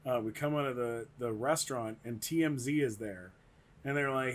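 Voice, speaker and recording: A man's voice: mid-range voice, moderate pace. A man, a comedian, telling a rambling story in casual chat and acting out quotes in raised voices. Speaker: guest comedian.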